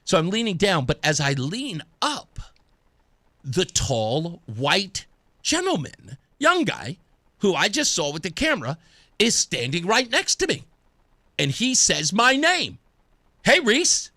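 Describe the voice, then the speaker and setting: Animated, bright-voiced radio host. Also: male voice, high voice, unhurried, no room sound, studio quality. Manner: animated, acts out quoted voices. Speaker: radio talk show host. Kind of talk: casual storytelling on talk radio.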